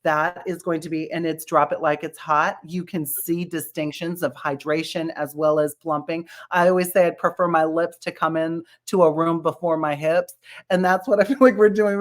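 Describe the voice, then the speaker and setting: This is a woman in a casual chat, talking about skincare with enthusiasm. Her voice sits a little low for a woman. She laughs often and restarts her sentences, full of fillers. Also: steady tone, normal speed. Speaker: brand representative.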